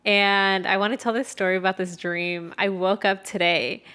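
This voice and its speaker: A woman's voice: mid-range voice, steady tone, moderate pace, sharp tone, smooth. Young female podcast co-host, chatty and rambling, mid-range voice, swears casually. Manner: rambling storyteller, lots of filler "like", casual swearing. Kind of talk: casual chat.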